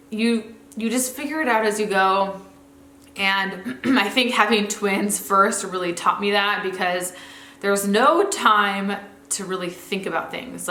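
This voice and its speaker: Young mom vlogger rambling along, lots of likes, echoey room. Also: female voice, mid-range voice, a bit bright. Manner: chatty, frequent fillers. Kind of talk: casual chat to camera. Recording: roomy echo.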